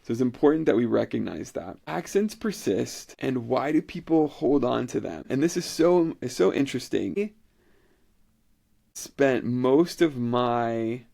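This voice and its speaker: Casting: American male podcast host, thirties, gravelly mid-pitched voice, talks in loose restarts. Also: lively intonation, a little slow, warm tone. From United States. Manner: loose and repetitive, restarting phrases. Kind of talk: solo educational podcast talk.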